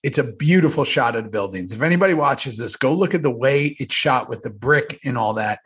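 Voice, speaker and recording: A man's voice: medium pitch, fairly quick. A man, an actor co-hosting a podcast, telling behind-the-scenes stories with lots of swearing and animation. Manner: profane, animated storyteller. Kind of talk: casual rewatch chat.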